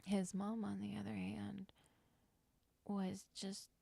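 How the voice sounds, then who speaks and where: A young woman livestreaming, telling a personal story in a loose, rambling way, full of fillers and frank swearing. Her voice is gravelly and stays fairly level in pitch. The sound is dry and close, with little room around it. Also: flat delivery, slow pace, mellow, no echo. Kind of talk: casual storytelling on a live stream.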